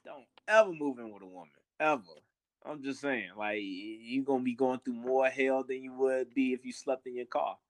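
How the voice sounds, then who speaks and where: Speaking at medium pitch and a moderate pace on a dry recording, this podcast co-host is a young man in casual family-podcast chat. His talk is blunt and full of swearing, and he tends to repeat words when launching into an idea.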